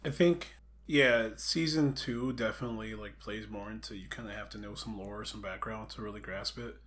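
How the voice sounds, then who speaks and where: A man in a casual podcast chat, telling things in an animated way, full of swearing and "like" fillers. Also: on the low side, moderate pace. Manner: animated, profane, filler-heavy storytelling. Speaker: podcast co-host.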